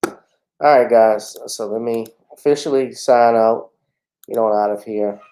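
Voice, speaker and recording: A man's voice: mid-range voice, measured pace, warm tone, poor audio. A man hosting a casual livestream talk show, chatting in a laid-back way with frequent fillers.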